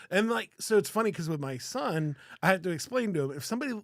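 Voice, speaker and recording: A man's voice: high voice, animated, quick pace, few pauses, no room sound, clean studio sound. A man in his thirties co-hosting a casual podcast, telling stories and laughing often. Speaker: podcast co-host. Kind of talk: casual chat.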